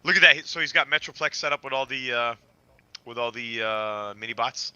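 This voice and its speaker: A man hosting a casual livestream chat, excitable and quick to laugh, swearing freely. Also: mid-range voice, clean tone, no room sound, lo-fi sound. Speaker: livestream host.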